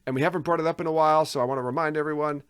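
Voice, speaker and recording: A man's voice: fairly high pitch, fairly even intonation, rapid-fire, smooth. A man hosting a podcast, joking around and wrapping up the episode with plugs. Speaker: podcast host. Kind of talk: casual podcast chat.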